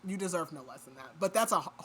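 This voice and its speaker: A woman's voice: fairly low pitch, lively intonation, fast, a bit bright. A woman recapping a book plot on a podcast in a casual, chatty way, with lots of "like" fillers. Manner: chatty retelling full of "like" fillers. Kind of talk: casual chat.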